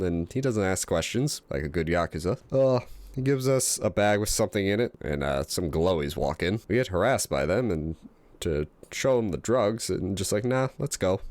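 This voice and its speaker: Man, low voice, game commentary, sweary, self-mocking, dry close sound. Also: a little mellow, no echo. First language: English. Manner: sweary, self-deprecating, joking. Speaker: let's-play commentator. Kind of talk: casual game commentary reading a script.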